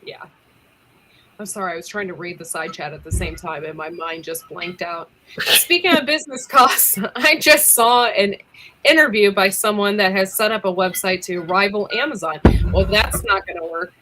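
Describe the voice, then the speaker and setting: Woman on a livestream, bright voice, giggly and chatty, lots of ums. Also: mid-range voice, moderate pace, slight background noise. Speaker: livestream co-host. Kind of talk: casual livestream chat.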